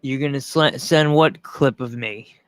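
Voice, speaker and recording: This streamer from Long Island, New York talks through a news clip on his livestream, casual and profane, restarting lines as he goes. The voice sits mid-range, resonant and clear at a measured pace, in a dry recording.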